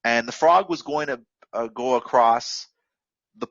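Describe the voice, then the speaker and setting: A man's voice: mid-range voice, unhurried, a bit bright, dry recording, muffled recording. A man coaching forex traders in a casual motivational talk, rambling and full of fillers and repeats. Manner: rambling, filler-heavy, repetitive, instructive.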